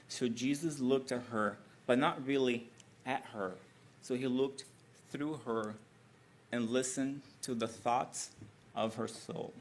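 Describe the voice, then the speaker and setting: Gravelly man retelling a scripture story. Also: mid-range voice. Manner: conversational, with tag questions. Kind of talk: storytelling sermon.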